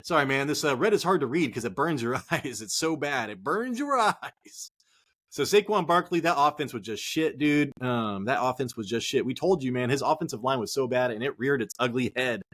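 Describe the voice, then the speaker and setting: A man runs a sports podcast, speaking a little fast at a medium pitch with few pauses. His tone is casual and excitable, full of swearing and of "dude" and "man" aimed at listeners.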